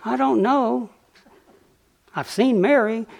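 A man's voice: very high-pitched, slow, vocal fry, pitched above the performer's own voice, full character voice. A man putting on the voices of male prison guards heckling in a mocking sing-song.

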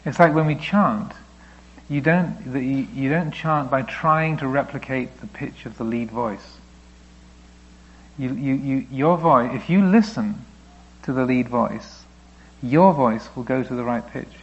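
Male Buddhist teacher, gravelly voice, reflective explaining, dull lo-fi recording. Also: mid-range voice, unhurried. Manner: reflective, gently explaining, voicing thoughts aloud. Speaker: Buddhist teacher answering questions. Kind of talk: dharma talk Q&A.

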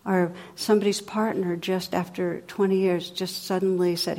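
Middle-aged woman teaching meditation, lowish soft voice, chatty gentle storytelling. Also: fairly even intonation, moderate pace, vocal fry, few pauses. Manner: gentle, conversational storytelling with playful sound effects. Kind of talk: dharma talk.

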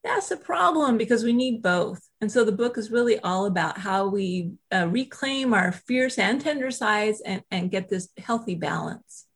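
A woman who writes and teaches self-compassion, telling a personal story in a casual interview, animated and full of "you know" asides. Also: medium pitch, moderate pace, few pauses, slightly rough. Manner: animated, acts out quoted voices, frequent "you know" asides.

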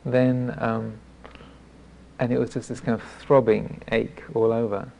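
A man, a Buddhist monk teacher, giving a dharma talk as self-deprecating storytelling, halting with many restarts. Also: medium pitch, flat delivery, creaky, darkish tone.

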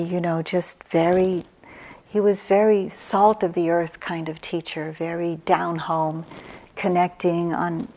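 A woman meditation teacher giving a dharma talk, slow and reflective, with soft pauses and restarts. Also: fairly low pitch. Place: meditation retreat hall.

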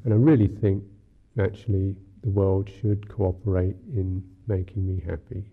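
Monk man musing through a dharma talk, husky creaky voice, sounds like a thin phone-ish recording. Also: sits low, flat delivery, phone-quality sound. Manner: musing, unhurried, wry, many "you know" fillers. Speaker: Buddhist monk teacher.

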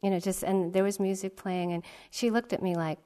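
A woman's voice: medium pitch, steady tone, brisk, warm tone. A middle-aged woman from Massachusetts, a meditation teacher giving a talk, telling a story in a chatty, self-mocking way with many asides.

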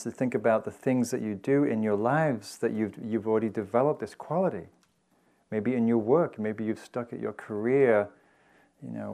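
A man from England giving a meditation dharma talk, telling stories in a gentle, conversational way. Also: on the low side, gravelly. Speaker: meditation teacher. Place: meditation hall with audience.

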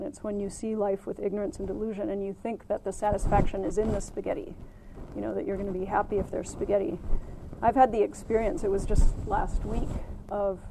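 A woman meditation teacher giving a gentle, unhurried dharma talk at a retreat center, with many ums and light laughter at her own stories. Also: mid-range voice, vocal fry, a little hiss or hum, low-quality recording.

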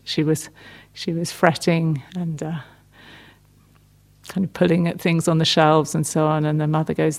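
A middle-aged woman giving a gentle, unhurried meditation talk, often restarting her phrases. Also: deep voice, flat delivery, gravelly. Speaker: meditation teacher. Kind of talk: dharma talk.

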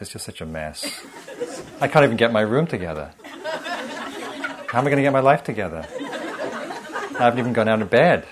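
A man's voice: medium pitch, heavy background noise, pitched above the performer's own voice, natural voice. A man voicing his own inner critic, a nagging figure that scolds and mocks with sarcastic, exasperated outbursts. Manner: sarcastic, exasperated, quick and rising.

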